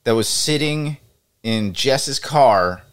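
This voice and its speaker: A man co-hosting a podcast, telling funny stories in casual chat and laughing as he goes. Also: medium pitch. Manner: laughing storyteller, gets loud and fast when excited. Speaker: podcast co-host.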